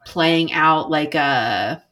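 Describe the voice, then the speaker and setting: Woman, game developer, casual chat, rambling, filler-heavy, slightly low voice. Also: extremely slow, fairly bright tone.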